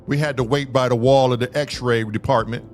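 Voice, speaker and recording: A man from Southern California telling a long story on a live show, animated and profane, acting out the dialogue. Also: medium pitch, normal speed, faint music behind.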